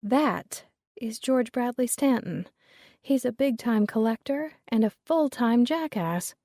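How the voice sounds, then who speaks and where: A woman voicing a shrewd middle-aged mother who coaches her daughter in a brisk, urgent way. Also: a little high, lively intonation, dark tone, no room sound, clean studio sound, voice pushed up, full character voice.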